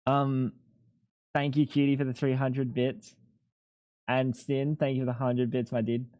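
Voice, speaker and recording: Young male streamer, casual and sweary, dry close headset sound, mid-pitched. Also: little pitch movement, measured pace, darkish tone, no echo. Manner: swears freely, rambling and laid-back. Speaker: live streamer. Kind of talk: casual live-stream chat.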